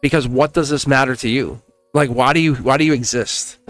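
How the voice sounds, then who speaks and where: A man hosting a members-only tarot livestream in casual chat, animated and laughing often as he talks to his viewers. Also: mid-range voice, a little fast, no room sound. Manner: chatty and animated, laughs often, acts out quoted exchanges. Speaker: tarot reader and channel host.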